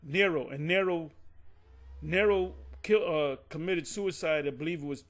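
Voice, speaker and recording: A man whose voice is fairly high and a bit bright teaches from the Bible at a measured pace. It's an informal, digressive lesson, full of self-corrections and drifting side stories.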